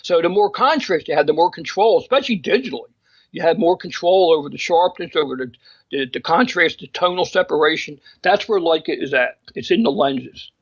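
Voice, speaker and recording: A man with a somewhat high voice talks in emphatic, opinionated bursts, often restarting his sentences. It is a casual chat. The recording sounds dull and lo-fi. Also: expressive, brisk, breathy edge. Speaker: magazine co-host discussing photographers.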